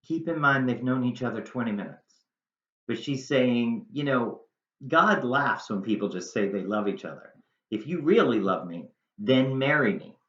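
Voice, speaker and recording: A man's voice: medium pitch, expressive, moderate pace, a bit bright. A man teaching, explaining a monologue line by line in plain, casual modern words. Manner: plain-spoken, paraphrasing into casual modern talk. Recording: echoey room, dull lo-fi sound.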